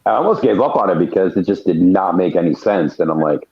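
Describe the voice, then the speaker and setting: A man with a very deep voice chats easily as a guest on a podcast. He talks in a relaxed, rambling way. His audio is dull and lo-fi, like a call line. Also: fast talker, slight background noise. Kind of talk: casual chat.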